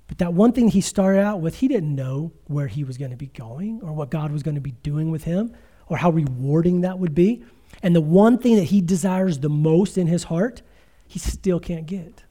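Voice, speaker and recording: A man's voice: fairly high pitch, normal speed, warm tone. A middle-aged man preaching a conversational sermon as pastor, telling stories with quoted asides.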